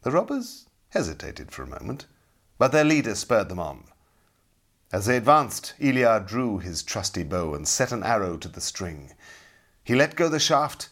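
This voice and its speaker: Middle-aged man, audiobook storyteller, low voice with very lively pitch. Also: moderate pace. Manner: expressive, dramatic. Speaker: narrator.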